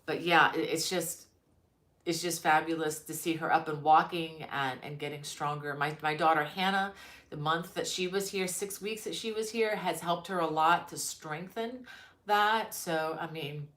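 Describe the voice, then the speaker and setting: A woman's voice: deep voice, normal speed, fairly bright tone. A middle-aged woman hosting a crochet live stream, chatting casually and greeting viewers by name with many ums. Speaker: crochet channel host. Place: her mother-in-law's home.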